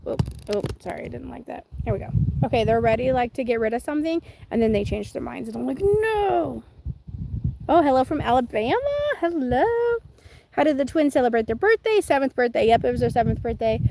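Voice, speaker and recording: Chatty gravelly-voiced woman. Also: a little high, fast, noisy background. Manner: chatty and rambling, with many fillers and self-restarts. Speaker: channel host; mother of twins. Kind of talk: casual livestream chat reading viewer comments. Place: at home with chickens nearby.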